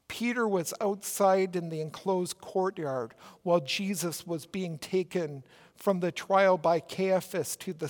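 A Minnesota pastor with a Minnesotan accent delivers an earnest, emphatic sermon with deliberate pauses. His voice is high-pitched with a darkish tone, and the recording has a long reverb tail.

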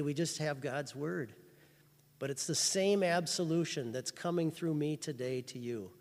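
A man preaching a sermon as pastor, telling stories earnestly and rising to fervent emphasis. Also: fairly high pitch. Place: church chapel. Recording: reverberant hall.

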